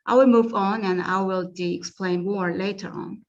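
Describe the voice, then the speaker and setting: Woman, Korean accent, academic presentation, halting, filler-heavy, mid pitch, muffled audio. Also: steady tone, darkish tone. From South Korea. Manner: halting, many fillers and restarts. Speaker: conference presenter.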